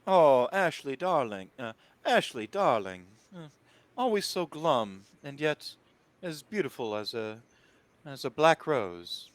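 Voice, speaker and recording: A man's voice: mid-range voice, big pitch swings, slow, voice pushed up. A man voicing a flamboyant, condescending vampire elder with an affected, drawling delivery. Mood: silky, condescending.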